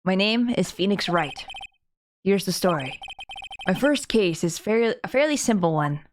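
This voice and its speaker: A woman's voice: medium pitch, animated, moderate pace, slight background noise, lightly acted. A woman reading the part of an earnest young male rookie defense lawyer, in a plain voice over game music.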